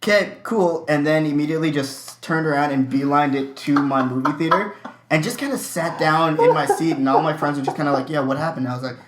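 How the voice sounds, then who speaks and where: A man's voice: a little high, fast talker. A young adult man co-hosting a podcast, telling a candid, profane anecdote in casual chat. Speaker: podcast co-host. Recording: roomy echo.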